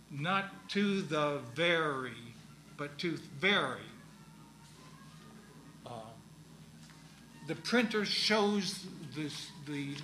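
A man lectures slowly and haltingly, stopping often to restart his sentences. His voice is slightly high and bright. The room around him is echoey, with a faint hum of ambience. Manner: halting, deliberate, many ums and restarts. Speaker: lecturer on Shakespeare's verse. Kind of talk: classroom lecture.

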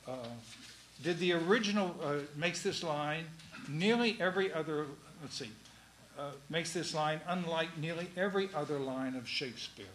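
A man lectures slowly and haltingly, stopping often to restart his sentences. His voice is slightly high and bright. The room around him is echoey, with a faint hum of ambience. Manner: halting, deliberate, many ums and restarts. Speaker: lecturer on Shakespeare's verse. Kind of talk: classroom lecture.

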